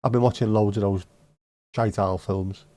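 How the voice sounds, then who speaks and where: A man's voice: lowish voice, steady tone, normal speed, warm tone, no room sound. A man with a Liverpool accent hosting a livestream, chatting casually with viewers in blunt, sweary banter with dry jokes. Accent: Liverpool (Scouse). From Liverpool, England. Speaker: livestream host. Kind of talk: casual chat answering viewer comments. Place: home livestream setup.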